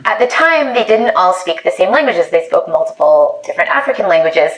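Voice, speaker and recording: A woman linguist explaining a topic in a clear, measured way. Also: on the low side, big pitch swings, echoey room, low-quality recording. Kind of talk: scripted explainer.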